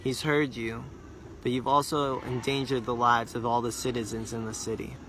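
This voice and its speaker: A man's voice: mid-range voice, flat delivery, normal speed, a bit bright, a little hiss or hum, natural voice, low-quality recording. Man playing an earnest young disciple.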